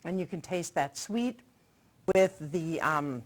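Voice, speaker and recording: Middle-aged lady hosting a cooking bit on local tv, chatty and salesy, kinda low voice. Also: expressive, takes it slowly. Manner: chatty, promotional, tastes food while talking. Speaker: TV show host. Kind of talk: casual cooking segment chat.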